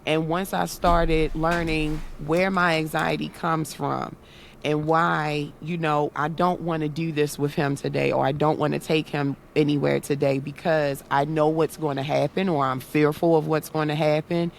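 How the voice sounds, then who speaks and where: A woman's voice: sits low, level tone, normal speed, vocal fry, slight background noise. A woman guest in a casual interview, telling personal parenting stories earnestly and acting out the voices she quotes. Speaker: guest, content creator and autism awareness activist.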